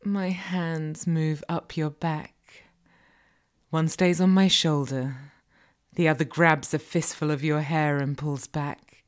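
A woman performing a dominant audio role-play, speaking in a slow, taunting and mocking way. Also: sits low, fairly even intonation.

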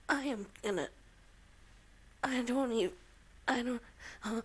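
A woman talking softly and intimately to a listener, half-whispering with breathy, drawn-out words and giggles. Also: fairly high pitch. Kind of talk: intimate personal audio recording.

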